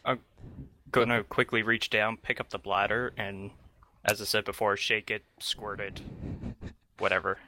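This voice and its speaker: A man's voice: on the low side, little pitch movement, unhurried, sharp tone, slight background noise. A man playing in a tabletop game, casually describing what his character does. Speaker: player.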